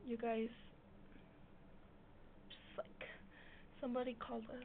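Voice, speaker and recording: A woman's voice: on the high side, little pitch movement, slow. A teenage girl vlogging with her friends in a giggly, teasing way. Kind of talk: casual chat among friends. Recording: tinny lo-fi webcam audio with hiss.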